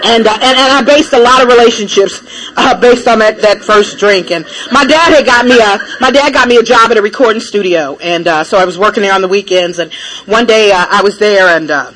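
Animated woman telling a personal story. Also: medium pitch, brisk. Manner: animated storyteller, laughs often, many fillers. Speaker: traveling speaker. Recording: noisy recording.

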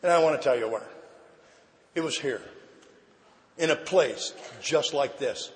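An older man giving a personal testimony at a recovery convention, telling his story with shouted punchlines and sudden quiet drops. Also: on the high side, measured pace. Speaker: recovery meeting speaker. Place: large convention hall. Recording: reverberant hall recording with faint ambience.

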